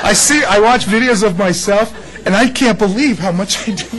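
A middle-aged American man preaching a sermon, telling personal stories in an animated way and often laughing. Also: high-pitched, normal speed, noisy background. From United States. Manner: animated storytelling, laughs often, shifts between loud and hushed. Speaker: pastor.

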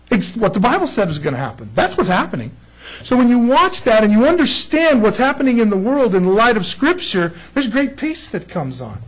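A middle-aged man teaching the Bible in a sermon, excitable and eager, often pausing to check that listeners follow along. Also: extremely high pitch, slightly rough, poor audio.

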